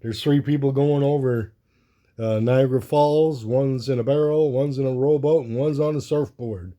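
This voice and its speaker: A man talks through his sketches and comic books in a relaxed, rambling way. His voice is warm and mellow, sitting in an ordinary middle register. He chuckles now and then as he goes. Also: medium pitch, normal speed. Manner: rambling, chuckling, reads cartoon captions in silly voices. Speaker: comic collector vlogger. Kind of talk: casual chat showing artwork and comics.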